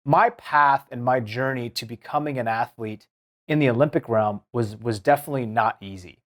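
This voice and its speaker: A man in his thirties from Seattle, telling stories from his life as a guest in an interview, acting out the quotes. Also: mid-range voice. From Seattle, United States. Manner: animated storytelling, acts out quotes. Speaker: guest, former Olympic speed skater. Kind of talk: storytelling in a podcast interview.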